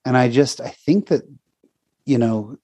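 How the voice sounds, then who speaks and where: In a casual chat about faith, this podcast host is heartfelt and close to crying, rambling and restarting his sentences many times. His mid-range voice is mellow and unhurried, and the recording has no echo.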